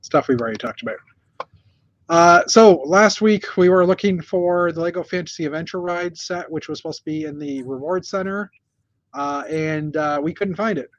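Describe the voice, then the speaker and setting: A man's voice: on the high side, normal speed, lo-fi sound. A man hosting a casual news chat from a hotel room, rambling with many fillers and restarts. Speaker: host.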